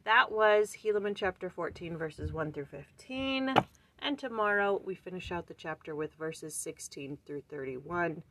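Earnest woman with a creaky voice. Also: lowish voice, lively intonation, measured pace, a bit bright, a little hiss or hum. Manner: thinks aloud, searching for words with sighs and restarts; earnest, urging questions to the listener. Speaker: host of a daily scripture study channel. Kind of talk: casual scripture study and reflection.

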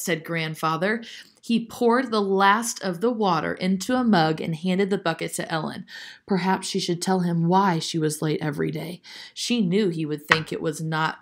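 A woman narrating a children's chapter book aloud in a steady, clear manner. Her voice sits somewhat low for a woman. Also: normal speed. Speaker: storyteller. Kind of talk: storybook read-aloud narration.

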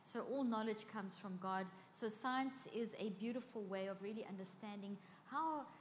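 A woman's voice: mid-range voice, moderate pace. A woman who is a cognitive neuroscientist giving an enthusiastic conference talk on stage. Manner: bubbly, enthusiastic. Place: large conference hall with audience. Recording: long hall reverb, faint crowd noise.

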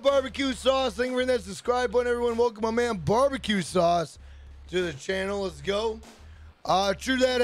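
A man hosting a casual livestream, telling rambling profane stories and greeting chat members by name. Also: very high voice. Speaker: livestream host.

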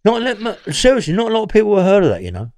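A man's voice: sits high, wildly swooping pitch, rapid-fire, a little mellow, dry recording, clean studio sound. A man, a former prisoner telling rambling stories in an interview, swearing and laughing as he goes. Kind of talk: storytelling interview.

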